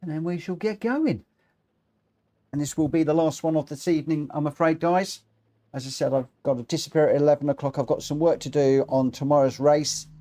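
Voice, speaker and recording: A man's voice: a little high, a little fast, dark tone. Chatty man hosting racing stream. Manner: chatty, self-mocking, reads out chat and chuckles. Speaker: livestream host running online racing lobbies. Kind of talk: casual live gameplay chat.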